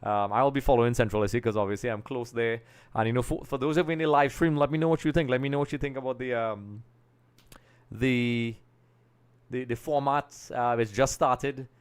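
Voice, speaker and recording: On his live football talk stream, a young man from Trinidad and Tobago speaks fairly quickly in a clean, mid-range voice with fairly even intonation. He's casual and wanders a little, talking through his thoughts while pulling things up on screen.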